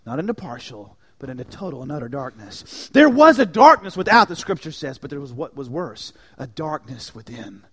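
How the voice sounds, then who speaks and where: Guy preaching a sermon, higher voice that jumps all over, goes from whisper quiet to shouting. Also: sing-song, moderate pace, few pauses, breathy edge. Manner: dynamic preaching, dropping to near-whispers and rising to shouts. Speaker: pastor.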